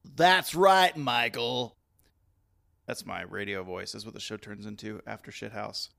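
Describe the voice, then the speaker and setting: A man's voice: on the low side, flat delivery, fairly quick, creaky, pushed and bright. A man hosting a podcast in loose banter who rambles and laughs often. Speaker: podcast host.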